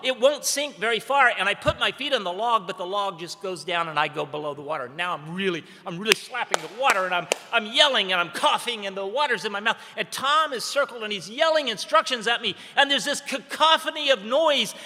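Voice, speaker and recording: A man giving a dramatic personal storytelling speech at a training event. He tells it vividly, swinging between urgent, loud passages and hushed, slow ones. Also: high voice, lively intonation. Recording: echoey hall with long reverb.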